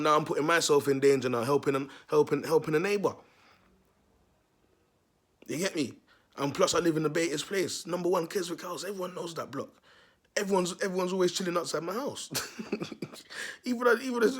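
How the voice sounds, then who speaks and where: A man's voice: fairly high pitch, husky. A man, a vlogger telling a neighbourhood story to his viewers in a slangy, repetitive way.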